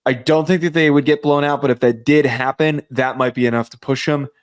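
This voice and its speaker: A young American man co-hosting a casual sports podcast, loud, excitable and joking. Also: medium pitch, a little fast, clean tone. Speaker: podcast co-host.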